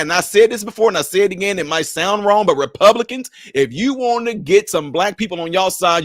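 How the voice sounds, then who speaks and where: A man's voice: sits high, a bit bright, no echo, clean studio sound. A man from Chicago giving a heated political commentary, preachy and mocking, talking straight to his viewers.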